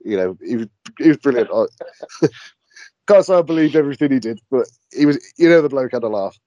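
A man tells stories as a podcast guest. He laughs often and swears casually, and his pitch swings widely. The recording is dry and close. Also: expressive, fairly quick, mellow, dry recording, poor audio. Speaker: podcast guest, paranormal investigator.

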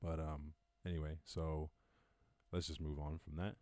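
In a laid-back live-stream from home under lockdown, a podcast host with an Irish accent reads news and riffs on it, swearing freely and laughing at his own humor. He speaks unhurriedly with a flat delivery in a very deep, darkish voice, and there's no room sound.

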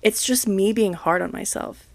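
A woman's voice: mid-range voice, moderate pace, gravelly, no echo. A young woman hosting a casual solo podcast from home, talking frankly and self-deprecatingly, swearing and laughing as she vents. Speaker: podcast host. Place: home, other people coming and going.

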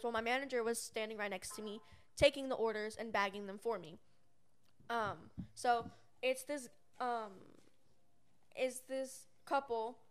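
A woman's voice: a little high, clean tone. A young woman telling a rambling work story in casual chat as a podcast co-host. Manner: rambling, many fillers and restarts.

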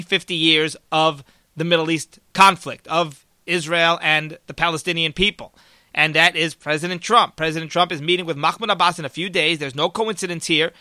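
A podcast host, a man, speaks in a high, very bright and cutting voice, recorded dry and close. He talks in an emphatic opinion monologue, stacking rhetorical questions and turning to his listeners as folks. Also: no echo.

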